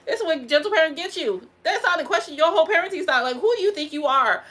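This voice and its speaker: A woman chatting casually to her audience, venting in an animated way, with laughter and sudden high exclamations. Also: fast, few pauses, background noise. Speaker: vlogger. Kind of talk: casual chat to camera.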